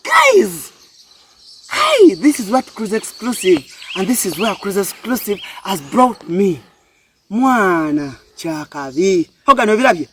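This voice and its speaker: A Ugandan man with a Ugandan accent hosts a travel vlog in a high-pitched, very animated voice that's a little slow, with background noise. He's exclamatory, repeats his phrases over and over, and mixes English with Luganda.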